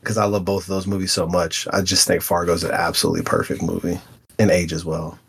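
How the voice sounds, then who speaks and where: A man's voice: sits low, level tone, quick pace, vocal fry, fairly bright tone, slightly rough. A man on a podcast firmly giving his opinions about films. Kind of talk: casual film-discussion chat.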